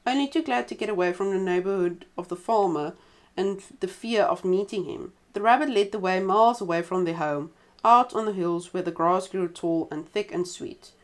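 A woman reads an old folk tale aloud at a mid-range pitch. Her delivery is relaxed and unpolished. She breaks off now and then to chat about the story. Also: moderate pace. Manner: relaxed reading with chatty side comments.

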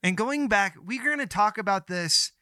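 A man's voice: high-pitched, animated, moderate pace, pushed and bright, dry recording, clean studio sound. A man co-hosting a church podcast, talking in an earnest, encouraging way about faith. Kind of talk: faith podcast conversation and prayer. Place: studio. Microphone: podcast microphone.

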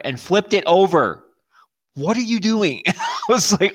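A man's voice: on the high side, sing-song, moderate pace. A man co-hosting a casual podcast, telling crude, profane stories and laughing often. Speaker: podcast co-host. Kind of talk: casual chat.

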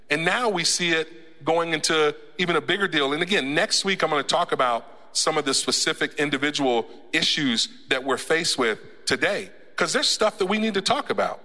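Joking preacher in a reverberant church. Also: male voice, fairly high pitch, sharp tone. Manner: conversational and joking, with laughs and repeated restarts. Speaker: pastor. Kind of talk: sermon. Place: church sanctuary. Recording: church hall with long reverb.

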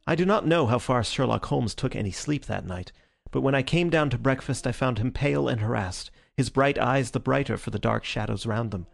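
A man narrating an audiobook in a steady, even reading style. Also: mid-range voice, vocal fry, dry recording.

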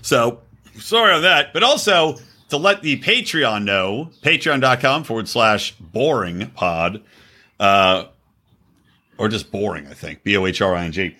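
A man hosting a podcast tells a story in casual chat. His voice is bright and slightly husky, with a pitch that swings widely as he gets excited. He laughs often as he talks. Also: measured pace. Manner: animated, laughing, jumps into high exclaims. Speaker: podcast host.

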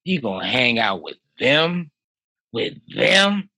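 Role: pushy male assistant coach imitated by a man. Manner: gruff, coaxing, swearing. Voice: husky, rising as he presses. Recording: dry. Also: medium pitch, sing-song, slow pace, sharp tone, dry recording, exaggerated voice.

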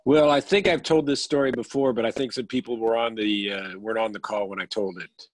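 A man's voice: medium pitch, fairly even intonation, a little fast, rough recording. Man telling a dry-humored anecdote. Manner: dry punchline delivery. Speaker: professional speaker. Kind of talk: storytelling anecdote. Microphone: phone or video call.

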